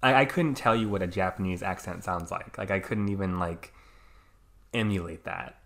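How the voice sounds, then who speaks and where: A young man with a very low, deep voice hosts a relaxed podcast conversation. He thinks out loud, hedging and filling his sentences with "like" as he works through his views. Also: moderate pace. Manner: thoughtful, many fillers and hedges. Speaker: podcast host. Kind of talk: casual conversation.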